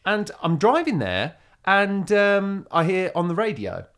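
A woman co-hosting a podcast in casual chat, telling stories in an animated way and acting out voices. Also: medium pitch, a little slow. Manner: animated storyteller, acts out voices. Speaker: podcast co-host.

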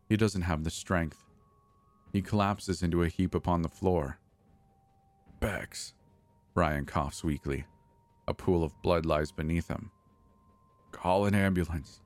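Deep-voiced man narrating horror. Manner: grim, measured first-person storytelling.

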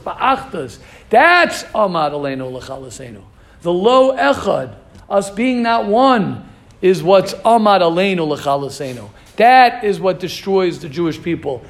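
A rabbi teaching an informal Torah class, animated and questioning his students, mixing in Hebrew terms. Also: high voice.

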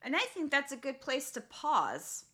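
Bright-voiced woman podcast co-host. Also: high voice, unhurried. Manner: storytelling, chatty and expressive. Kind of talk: casual chat.

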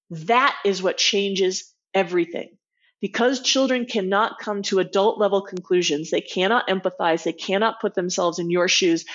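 A woman's voice: mid-range voice, dull audio. A woman guest on a podcast interview, explaining her ideas in an earnest, teaching way. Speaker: guest expert.

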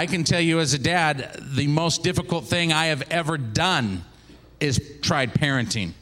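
A man's voice: on the high side, fairly bright tone. A middle-aged man preaching a sermon, talking earnestly and telling stories with animation. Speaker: pastor.

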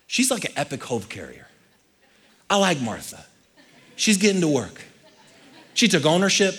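A male pastor delivers a sermon in a lively, conversational manner. His voice sits fairly high, and he swings from loud, energetic lines to quiet ones. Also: slightly rough.

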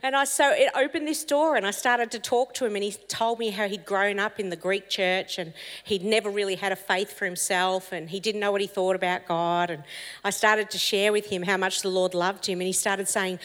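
Woman, preacher, animated storytelling, expressive, medium pitch, long hall reverb. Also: brisk. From Italian heritage. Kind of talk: storytelling sermon.

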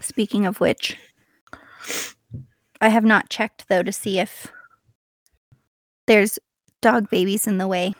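A woman's voice: mid-range voice, fairly even intonation, slow pace, long pauses, no echo. A woman co-hosting a podcast, chatting casually and laughing often while she teases her co-host. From Colorado. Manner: laughing, teasing banter. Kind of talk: casual chat.

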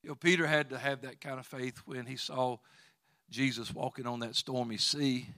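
A man preaching a sermon as pastor of a church, telling homespun stories and rising to loud exhortation when he leads praise. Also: mid-range voice, steady tone, moderate pace, no echo, studio quality. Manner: folksy storytelling with plain asides.

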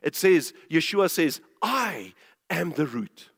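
A man's voice: a little high, sing-song, takes it slowly, a bit bright, slightly rough. A man preaching a sermon, emphatic and full of rhetorical questions, urging his listeners to pay attention. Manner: urges listeners to pay attention, repeating himself. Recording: long reverb of a large hall.

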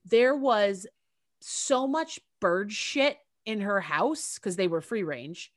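A woman co-hosting a casual podcast chat, telling a story in a lively, swearing, joking way. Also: medium pitch, slow pace. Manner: lively, profane, storytelling with asides. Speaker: podcast co-host.

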